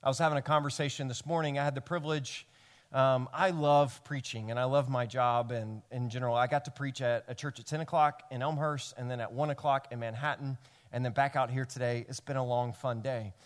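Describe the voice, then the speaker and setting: A man from Tennessee with a Southern accent, preaching a sermon as pastor, earnest and animated, building to emphatic peaks. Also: medium pitch, fairly quick, in a large hall. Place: church sanctuary.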